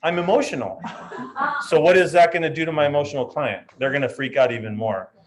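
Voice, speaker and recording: A man leading a live real estate training session, talking in a lively way and acting out client voices. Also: fairly high pitch, quick pace.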